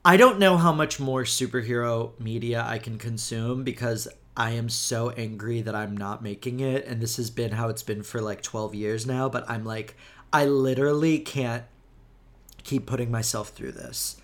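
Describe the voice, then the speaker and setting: A man's voice: normal speed, a bit bright. A young adult man hosting a podcast, chatting casually in campy, gushing rants about films and comics. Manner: campy, gushing pop-culture rants with big pitch swings. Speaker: podcast host. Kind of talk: casual chat.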